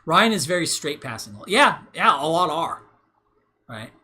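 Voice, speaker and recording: A man's voice: on the high side, big pitch swings, unhurried, pushed and bright. A man hosting a casual livestream, ranting in a rambling, repetitive way, tagging his points with "right?" and swearing often. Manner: rambling and repetitive, heavy "right?" tags, profane. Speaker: livestream host.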